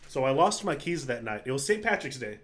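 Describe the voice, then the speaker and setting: A man's voice: mid-range voice, a little fast. A man co-hosting a podcast, telling an anecdote in casual chat and quoting his friends' lines. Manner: animated anecdote-teller, quotes friends. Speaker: podcast co-host.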